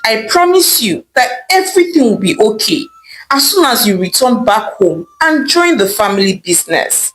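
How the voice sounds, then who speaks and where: A woman voices a worried market mother who runs a food business. She speaks with an insistent, pleading urgency, her pitch rising and falling widely. Soft music plays underneath. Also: big pitch swings, moderate pace, poor audio. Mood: tearful.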